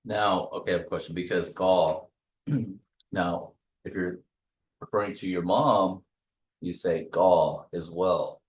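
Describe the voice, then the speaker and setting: A man student in a language class, asking careful questions and slowly repeating words. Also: sits low, steady tone, highs cut off. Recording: echoey room, distant mic.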